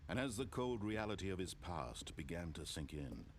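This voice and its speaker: A wry, lively game narrator. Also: male voice, sits low, moderate pace, slight background noise. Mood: dramatic. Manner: dramatic, dryly sarcastic storytelling.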